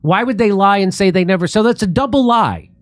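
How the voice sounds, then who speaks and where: Man, talk show host, animated political rant, swooping pitch, dry studio sound. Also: a little fast, no room sound. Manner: animated, mimics friends in mocking voices. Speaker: comedian host. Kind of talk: political commentary chat.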